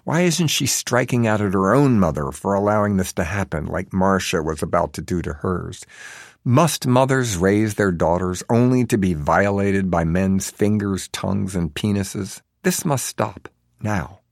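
A man's voice: sits low, moderate pace, dry recording, clean studio sound. A man reading a novel aloud as narrator, in a wry, sardonic manner. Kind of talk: audiobook narration.

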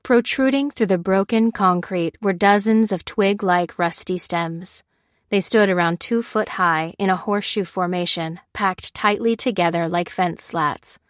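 A woman narrating a story in a steady, even storytelling manner. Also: on the low side, measured pace, no room sound, clean studio sound. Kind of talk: scripted narration.

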